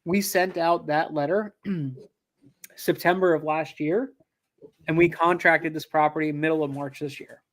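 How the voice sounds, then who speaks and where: In a relaxed interview, a man who invests in land relates a business story, performing the quotes, restarting often, and using plenty of fillers in an animated way. His pitch is fairly high and his delivery unhurried.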